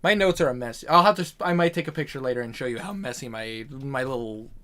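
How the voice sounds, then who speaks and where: A man's voice: medium pitch, lively intonation, quick pace, bright, forceful tone. A man running a tabletop game as game master, laughing often and rambling through apologies.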